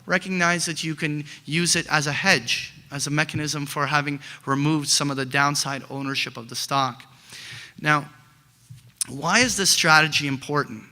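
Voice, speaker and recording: A middle-aged man teaching options trading, telling animated stories with many fillers and restarts. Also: a little high. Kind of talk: lecture with acted examples.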